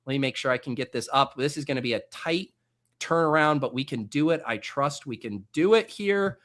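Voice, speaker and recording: A male host in casual live-stream chat, talking in quick, laughing banter. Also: mid-range voice, lively intonation, fairly bright tone.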